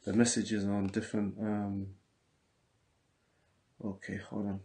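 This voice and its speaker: A man from England with a London accent hosts a relaxed livestream, chatting loosely and reading viewer comments aloud. His voice sits on the low side and sounds dark and monotone, and he takes his time. As a podcast host, he's chatty and repetitive, dropping loose street slang.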